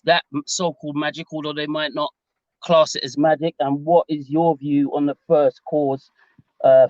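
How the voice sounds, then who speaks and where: A man from London calls in to a talk show, his English accent clear through a dull, lo-fi line. His speech is polite and halting, full of fillers and restarts. His voice sits a little high for a man, and the sound is dry and close. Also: no room sound. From England. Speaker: caller. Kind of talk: casual call-in conversation.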